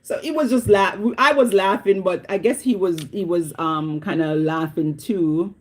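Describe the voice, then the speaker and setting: A woman's voice: lowish voice, normal speed. Chatty Jamaican woman telling stories. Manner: animated, laughs often while telling stories; loose, chatty asides to viewers. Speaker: livestream host. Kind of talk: casual storytelling to live viewers.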